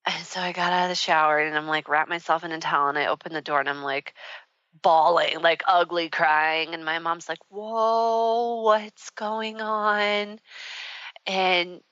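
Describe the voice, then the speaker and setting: Bright-voiced woman telling a candid story. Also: low voice, fairly even intonation, fairly quick, no room sound. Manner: rambling and candid, many fillers. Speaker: radio talk show host. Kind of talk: personal storytelling in a radio conversation. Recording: dull, muffled radio audio.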